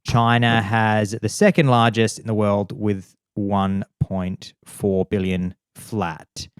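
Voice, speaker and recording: A man co-hosting a comedy podcast, chatting casually and acting out anecdotes in lively voices. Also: on the low side, takes it slowly, smooth, no echo, studio quality. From Australia. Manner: animated storytelling, acting out voices of others. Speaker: podcast co-host.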